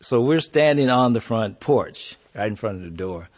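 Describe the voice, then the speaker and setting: A man's voice: fairly low pitch, normal speed. A man from Houston, Texas, telling a story in a studio and chatting with laughter. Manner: lively, laughs while telling. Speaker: storyteller and podcast guest. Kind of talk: oral storytelling and casual chat. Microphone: studio microphone.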